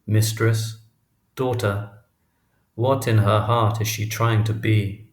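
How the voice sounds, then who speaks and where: A man reads a literary novel aloud in a steady, measured way. His voice is fairly low. The recording has a roomy echo around it. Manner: measured, even reading. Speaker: audiobook narrator. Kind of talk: scripted narration.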